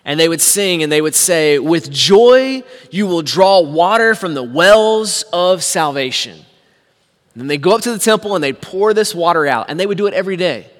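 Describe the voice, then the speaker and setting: A man preaching a sermon, telling the story with animated swings from hushed to shouting. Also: a little high, long reverb tail. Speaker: pastor.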